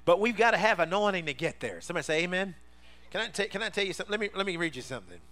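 High-voiced preacher leading call-and-response. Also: male voice, sing-song, racing. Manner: call-and-response preaching, frequent "somebody say" prompts; playful, laughs often, shifts from shouted to low intensity. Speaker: pastor. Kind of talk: sermon.

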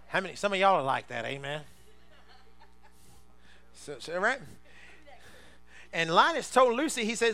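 A man with a notably high voice preaches in a lively call-and-response style, prompting the congregation again and again. He is playful and laughs easily, swinging from loud, shouted bursts to lower, intense stretches, with soft music playing faintly behind him. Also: unhurried, vocal fry, long pauses. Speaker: pastor. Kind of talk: sermon.

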